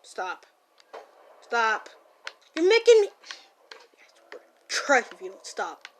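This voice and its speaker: A woman voicing a brash, hot-tempered young gang-boss man in a listener role-play while gaming, scolding and yelling. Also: high-pitched, slow, noisy background. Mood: annoyed gaming. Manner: loud, scolding, easily startled, playful yelling. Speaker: fan voice actor.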